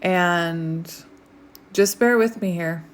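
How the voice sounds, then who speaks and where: At home as the outdoor light fades, a woman gives a casual tarot reading, rambling and chatty with many fillers, sometimes dropping to a soft near-whisper. Her voice is fairly low-pitched and very slow.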